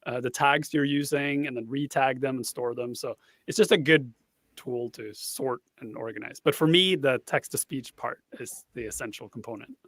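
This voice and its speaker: A man's voice: medium pitch, moderate pace, fairly bright tone, no echo. A man, a guest on a casual panel chat, explaining a tool at length and thinking aloud as he goes.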